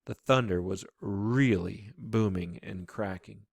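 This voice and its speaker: A man reads a children's novel aloud with an expressive, storytelling delivery. His voice rises and falls a great deal. The recording is close and dry, without room sound. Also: fairly low pitch, normal speed, no room sound. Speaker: storybook reader.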